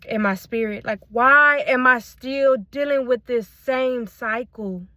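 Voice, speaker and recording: Woman talkin into her phone about her faith, real fervent, says y'all a lot, bright sharp voice, no room echo. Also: a little high, slow pace, hardly any pauses. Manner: fervent, repeats phrases, addresses viewers as y'all. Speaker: faith content creator. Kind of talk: personal faith testimony to camera. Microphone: phone held in hand.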